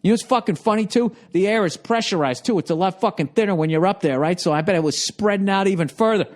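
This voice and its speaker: Speaking fast in a high-sitting voice, a comedian in his forties tells an exasperated comic story full of constant swearing. His voice jumps up when he gets riled.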